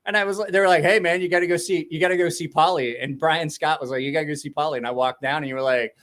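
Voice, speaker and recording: A man's voice: fairly high pitch, fairly even intonation, racing, fairly bright tone. A man in his forties telling rambling stories in casual, profane chat, swearing constantly and laughing often. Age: 40s. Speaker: podcast host.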